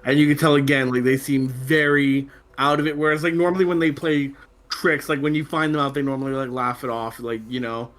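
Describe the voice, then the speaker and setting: A man running a tabletop game, describing what the other players see. He rambles and fills his talk with "like" and "you know", at a middle pitch. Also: flat delivery, fairly quick, fairly bright tone. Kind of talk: tabletop role-play narration.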